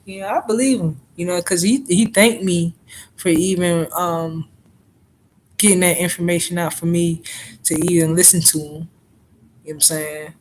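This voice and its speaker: A woman's voice: lowish voice, steady tone, moderate pace, slight background noise, rough recording. A woman vlogger telling rambling, profane stories in a casual monologue, often asking "you know what I'm saying".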